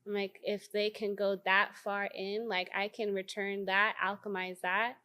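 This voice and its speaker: A woman's voice: mid-range voice, a little slow. A woman, an activist guest telling blunt, profane stories in a candid interview. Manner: blunt, profane, animated storytelling.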